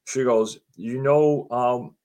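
Speaking slowly in a mellow, mid-range voice, a middle-aged guest shares a casual personal anecdote. He chats along, reenacting each conversation line by line with what people told him, frequently dropping "she goes" and starting his sentences over.

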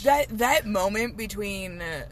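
A woman's voice: medium pitch, animated, unhurried. A woman chatting casually, teasing and reacting in short interjections. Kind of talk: casual chat. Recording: loud background noise.

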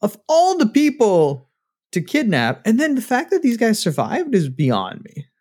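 A man's voice: sits high, wildly swooping pitch, unhurried, darkish tone, breathy edge. Playful male podcast co-host. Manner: chatty, playful. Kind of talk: casual chat.

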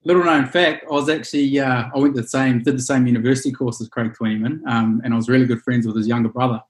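A man hosting a podcast, reading a sponsor spot and guest bios in an upbeat, quick manner. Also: medium pitch, steady tone, slightly rough. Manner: fast, upbeat, reads ad copy and guest bios. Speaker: podcast host. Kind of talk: podcast intro and interview.

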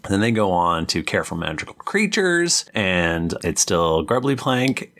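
Male host, very low voice, casual recap, quick character voices, chuckles a lot. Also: sing-song, a bit bright. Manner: laughs often, acts out characters in quick voices. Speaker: podcast host recapping a book. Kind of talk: casual chat, retelling the story.

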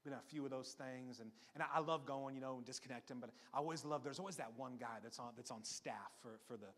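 Bright, forceful young man preaching to a congregation, joking and repeating his main points with rising energy. His voice rings with the long reverb of a large church hall. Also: medium pitch, fast. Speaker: pastor. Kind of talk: sermon. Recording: echoey hall.

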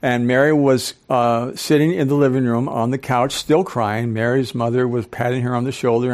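An older man lecturing to a live audience in a club hall. His delivery is animated, and he keeps pausing to throw questions at the crowd. His voice sits at an ordinary middle pitch. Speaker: speaker and professor.

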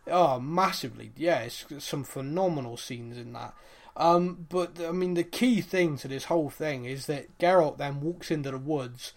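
A man's voice: on the high side, moderate pace, vocal fry. A man, casually recapping a TV series on a podcast, rambling with fillers and acting out quotes. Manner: animated, rambling retelling with fillers and acted-out quotes. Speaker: podcast co-host.

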